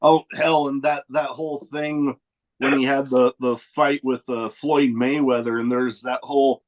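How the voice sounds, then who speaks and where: A man hosting a podcast, asking questions in a halting, unhurried way with fillers. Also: mid-range voice, level tone, rough recording. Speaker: podcast host. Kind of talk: casual interview chat.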